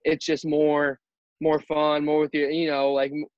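Halting young man, flat voice. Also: fairly high pitch, no echo, muffled recording. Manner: halting, with many restarts and fillers. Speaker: high school football player. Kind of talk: casual interview.

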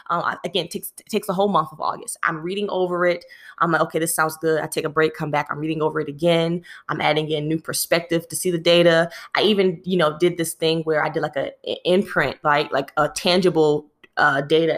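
A woman telling a work story in casual vlog fashion, animated, speaking to her listeners as "y'all" with lots of "you know" and repeated phrases. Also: low-pitched. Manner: frequent fillers and repeated phrases.

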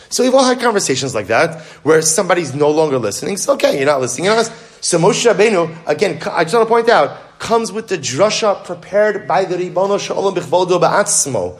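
A man with a fairly high-pitched voice teaches Torah in a lively lecture, asking his own questions and then answering them. His speech comes in rapid bursts full of restarts.

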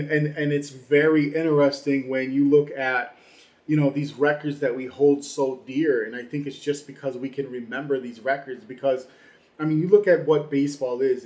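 Man from Chicago, casual sports co-host, animated, echoey room. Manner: animated, mimics people in high voices. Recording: roomy echo.

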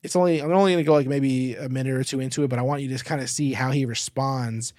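A man's voice: mid-range voice, fairly even intonation, fast talker, a little mellow, dry recording, clean studio sound. A man hosting a sports show, giving casual commentary in a rambling way with lots of fillers and emphatic bursts.

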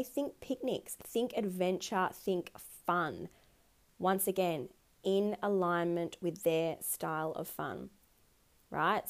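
An Australian woman hosting a podcast, talking casually about relationships in an energetic, playful way and swearing freely. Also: fairly low pitch.

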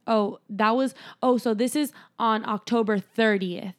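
A woman's voice: a little high, steady tone, a little slow. A young woman casually recapping a horror movie with a co-host, chatty, laughing often and swearing freely. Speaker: podcast co-host.

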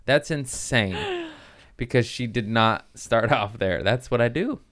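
A comedian hosting a podcast, chatting casually with lots of swearing and jumping into high squeaky voices when quoting kids. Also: male voice, measured pace, a loud crowd. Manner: animated, swearing, acts out voices in quotes. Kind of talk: casual chat.

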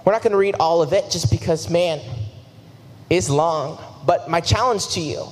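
A man's voice: on the high side, moderate pace. Young male preacher in a reverberant hall. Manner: earnest, casual and self-deprecating. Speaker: youth preacher. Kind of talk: sermon with personal storytelling. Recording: long hall reverb, faint noise.

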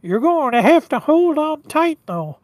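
A whiny, nasal young reindeer buck, as a woman puts him on for a tabletop game. His voice climbs high and keeps a dry, close sound. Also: big pitch swings, unhurried, a little mellow, dry recording. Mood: eager.

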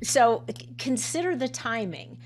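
Her voice is on the high side and expressive, and she speaks at a measured pace over slight background noise. She's a coach and nutritionist in a casual conversation, laughing often and full of fillers and restarts.

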